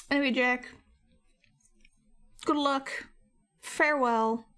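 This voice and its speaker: A woman's voice: high voice, fairly even intonation, drawn-out words, a bit bright, clear, resonant tone. A woman art streamer chatting casually and teasingly with her viewers while painting, laughing often and fighting a slight cough.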